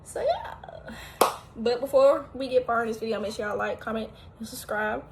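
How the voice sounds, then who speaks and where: A woman's voice: fairly high pitch, a little fast, heavy background noise. Tired, chatty woman vlogging at home. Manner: talkative, animated, often exclaiming. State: tired and out of breath. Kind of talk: casual chatty vlog. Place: home kitchen, indoors.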